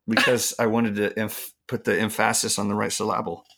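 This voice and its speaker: A middle-aged man co-hosts a podcast in a relaxed, chatty way. His voice is low-pitched but bright and forward, and he stresses words with eager, emphatic enthusiasm. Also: fairly quick, vocal fry. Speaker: podcast co-host. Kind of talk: casual gift-guide chat.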